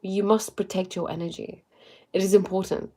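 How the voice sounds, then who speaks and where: A woman's voice: medium pitch, little pitch movement, moderate pace, mellow. A young woman casually giving spiritual and motivational talk to live viewers, chatty and full of fillers. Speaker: livestream host.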